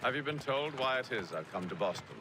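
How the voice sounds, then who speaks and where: Game role: a man voicing a commanding leader, curt and controlled, lively pitch, noisy game audio. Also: fairly quick, natural voice. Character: cool, commanding male leader.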